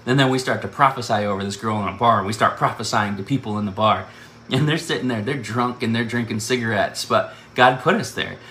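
A man telling an animated personal story and laughing often as he goes. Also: on the low side, a little fast. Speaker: speaker sharing a personal testimony. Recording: echoey room with faint background noise.

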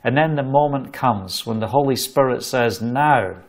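A Scottish man from Scotland, a travelling preacher, telling a testimony with animated storytelling, laughing between phrases. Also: medium pitch, moderate pace.

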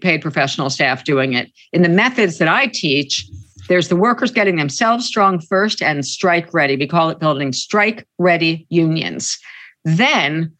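A woman's voice: lowish voice, fairly bright tone. Emphatic woman union organizer. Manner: emphatic, repeats key points. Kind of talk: interview answers.

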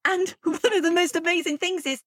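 A woman's voice: extremely high pitch, steady tone, brisk, fairly bright tone, no room sound, studio quality. A woman co-hosting a podcast, chatting casually and thinking aloud with plenty of fillers. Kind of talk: casual chat.

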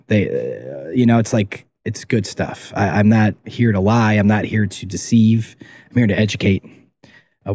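A man's voice: on the low side, darkish tone, breathy edge, dry recording. A man who makes documentaries, a guest on a casual podcast interview, talking in an emphatic, rambling way and swearing freely.

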